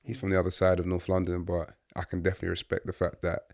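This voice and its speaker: A man's voice: low voice, completely flat delivery, rapid-fire, vocal fry, a little mellow, no echo, studio quality. A man co-hosting a football podcast, talking casually and a little hesitantly with fillers. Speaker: podcast co-host.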